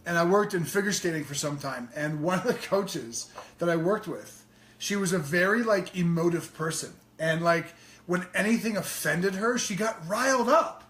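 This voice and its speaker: A man's voice: high voice, normal speed, fairly bright tone, echoey room. A man co-hosting a live show in casual, joking chat, swearing freely. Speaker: co-host.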